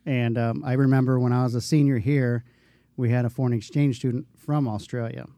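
A man's voice: mid-range voice, fairly even intonation, a little fast, dark tone, dry recording, studio quality. A man co-hosting a casual podcast, talking in a rambling way with many fillers. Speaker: podcast co-host, bus driver.

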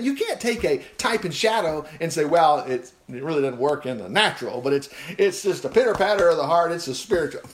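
A man preaching an informal sermon, reading scripture aloud with folksy, chuckling asides. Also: on the high side. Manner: animated and folksy, chuckling asides between read verses.

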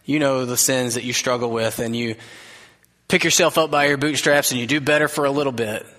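A man's voice: medium pitch, a little fast. Man preaching in a reverberant hall. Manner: earnest, conversational preaching with soft quoted asides. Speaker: pastor. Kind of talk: sermon. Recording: long reverb of a large hall.

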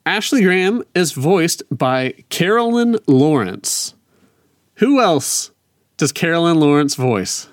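Man, lively gaming podcast co-host, dry close sound, trivia-happy. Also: a little high, slow, no room sound. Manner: animated, sharing trivia facts. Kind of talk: casual gaming chat.

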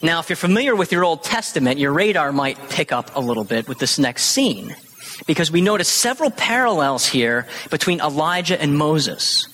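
A man's voice: on the high side, sing-song, normal speed, a bit bright. A man in his thirties preaching a sermon, teaching with animation and acting out the quoted lines. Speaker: pastor. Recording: long hall reverb.

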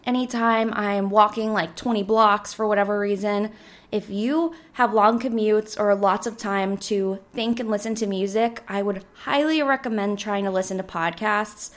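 A woman in her twenties hosting a casual solo podcast, slightly hoarse, rambling and chatty with lots of filler words. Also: mid-range voice, steady tone, normal speed. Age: 20s. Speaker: podcast host.

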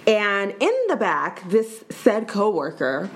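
A young woman co-hosting a casual podcast, telling a story in a measured way with frequent pauses and ums. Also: medium pitch, sing-song, fairly bright tone, a little hiss or hum. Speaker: podcast co-host.

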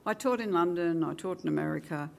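An older woman with an Australian accent, a retired teacher, recounting her career with lively acted-out dialogue and wry asides. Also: fairly low pitch, fast talker, creaky. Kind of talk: oral history reminiscence.

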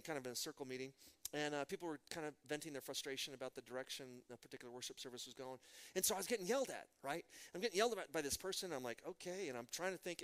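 Brief: middle-aged man, pastor's sermon, quick delivery, slightly higher voice, storytelling with rhetorical questions. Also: fairly bright tone. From Midland, Texas.

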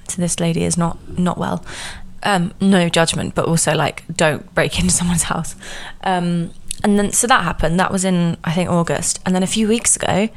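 A young woman talks through a story on her own podcast in a loose, chatty way, filling her sentences with "like" and "um". Her voice sits a little low for a woman. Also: steady tone, moderate pace. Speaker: podcast host. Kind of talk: casual chat.

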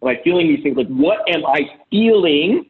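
A man's voice: on the high side, expressive, normal speed. A man coaching on relationships over a video call, blunt and profane, often acting out the voices he quotes. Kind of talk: casual advice talk on a call. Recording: tinny phone-like call audio.

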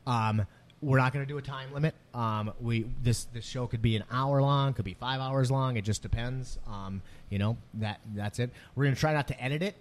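A man's voice: medium pitch, normal speed. Rambling, profane podcast co-host man. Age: middle-aged. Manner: casual, profane, rambling with many restarts. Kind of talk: casual chat.

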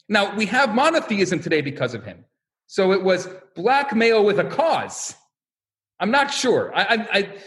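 Male rabbi, lecture, animated storyteller, high voice. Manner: animated storyteller who acts out quotes. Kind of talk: religious lecture.

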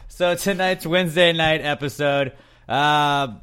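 A man's voice: fairly high pitch, a little slow, a bit bright, smooth. A young man co-hosting a casual podcast, joking and rambling, often correcting himself mid-sentence. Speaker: podcast co-host.

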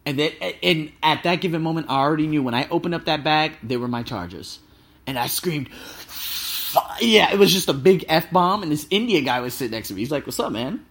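A thirty-year-old man, a travel vlogger, telling stories casually and excitably, swearing freely. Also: fairly high pitch, fast. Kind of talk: casual storytelling.

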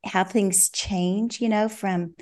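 An older woman, a parenting coach, giving reflective, measured answers in a podcast interview, often saying "you know". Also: medium pitch, fairly even intonation, darkish tone.

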